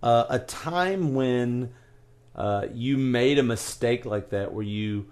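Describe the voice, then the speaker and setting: A man hosting a casual podcast, telling a story in quick, animated bursts full of fillers and restarts. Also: mid-range voice, clear, resonant tone. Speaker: podcast host.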